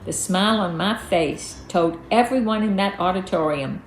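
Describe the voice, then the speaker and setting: A woman's voice: medium pitch, moderate pace. A woman reading her own memoir aloud in a folksy storytelling manner. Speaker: storyteller, author. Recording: echoey room, faint music.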